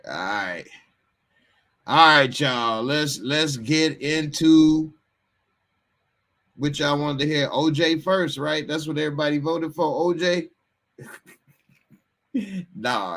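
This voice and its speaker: A man's voice: on the high side, a little slow, pushed and bright. A man hosting a casual live stream, laid-back and chuckling as he greets chatters. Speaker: livestream host.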